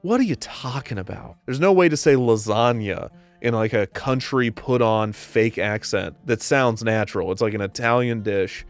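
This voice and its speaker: A man's voice: mid-range voice, moderate pace, faint music behind. A man hosting a comedic commentary show, ranting in an exasperated, sarcastic way.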